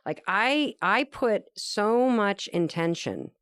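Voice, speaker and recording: Woman, interview guest, earnest emphatic storytelling, lowish voice, dry close sound. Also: moderate pace, no echo. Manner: animated, acts out quoted dialogue.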